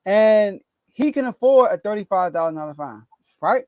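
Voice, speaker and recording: A man's voice: high voice, animated, normal speed, darkish tone, dry recording, dull audio. A man hosting a casual sports talk podcast, laughing often and ranting with animation. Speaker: podcast host.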